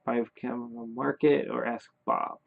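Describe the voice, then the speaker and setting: A man reading a horror text game aloud in second person, halting and correcting his own slips. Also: medium pitch, fairly even intonation, vocal fry. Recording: tinny phone-like sound.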